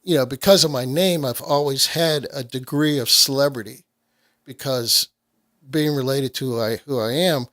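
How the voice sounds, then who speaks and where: A man's voice: mid-range voice, moderate pace, a bit bright. A middle-aged man from Nashville, a radio host in casual chat, telling stories and acting out what people said. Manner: storytelling, acts out quoted voices.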